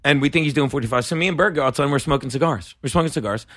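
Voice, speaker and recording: A man hosting a comedy podcast, telling stories in a loud, animated way, breaking into shouted impressions and laughter. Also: mid-range voice, racing, dry recording, clean studio sound. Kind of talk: casual storytelling chat.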